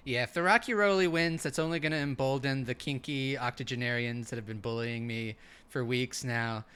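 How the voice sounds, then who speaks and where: Comedic co-host, male, bright and crisp voice, halting improv delivery. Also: mid-range voice. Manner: rambling, halting, full of fillers. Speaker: podcast co-host in character as a park ranger.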